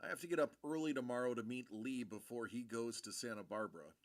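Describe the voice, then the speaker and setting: A man's voice: mid-range voice, fast talker. A young man streaming late at night, sleepy and rambling in casual chat. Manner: drowsy, rambling.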